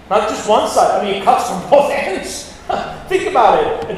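A man preaching a sermon, blunt and forceful, with sudden loud peaks. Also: high voice, lively intonation, unhurried. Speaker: pastor. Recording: echoey hall with long reverb, faint noise.

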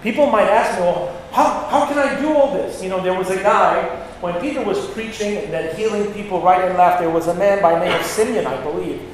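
A man preaching a sermon, blunt and forceful, with sudden loud peaks. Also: high voice, a little fast, hardly any pauses. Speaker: pastor. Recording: echoey hall with long reverb, faint noise.

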